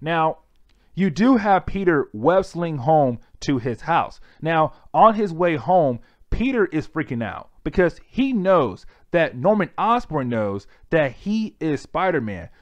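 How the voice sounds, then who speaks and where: A man's voice: a little high, big pitch swings, unhurried, no echo, dull audio. A man casually recapping a comic book plot for viewers in a chatty style. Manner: chatty, repeatedly addresses viewers as guys.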